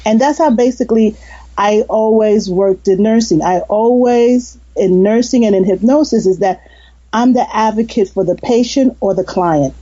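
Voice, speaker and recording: Woman guest telling stories from her nursing days, soft dark voice, kinda muffled audio. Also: mid-range voice, normal speed. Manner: earnest, warm-hearted storytelling with frequent restarts and laughter. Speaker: guest storyteller and hypnotist. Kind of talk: casual interview chat.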